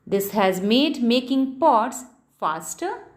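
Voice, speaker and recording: A woman's voice: fairly high pitch, animated, slow. A woman teacher, reading a textbook lesson to children and spelling out key words letter by letter.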